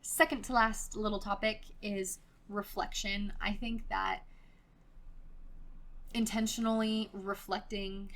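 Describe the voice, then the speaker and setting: A woman with a Californian Valley girl accent hosting a casual solo podcast, chatty and loose, filling her talk with "like" and casual swearing. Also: medium pitch. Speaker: podcast host.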